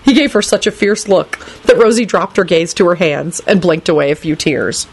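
A woman reading a story aloud in an animated storytelling manner. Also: fairly low pitch, moderate pace, slightly rough. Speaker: reader. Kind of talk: reading fan fiction aloud.

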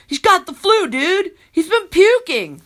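A woman's voice: very high voice, animated, normal speed, a bit bright, pitched above the performer's own voice. A woman voicing a whiny, irritable young male stoner who wails and keeps saying dude. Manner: whining, wailing, says dude and man.

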